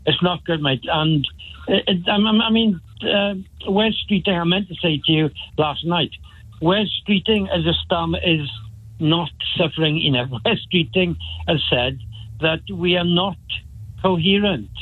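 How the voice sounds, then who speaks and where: A man calling in to a talk show, talking haltingly with many restarts. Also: sits high. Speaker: caller. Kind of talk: phone-in chat. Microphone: phone. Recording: tinny phone line.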